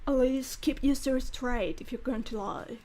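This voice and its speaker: A woman putting on a grumbling young man, slow and mock-manly. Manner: slow mock-deep voice with a rough try at a British accent. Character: grumbling reluctant young man, lazy homebody. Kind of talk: streamer voicing a game character.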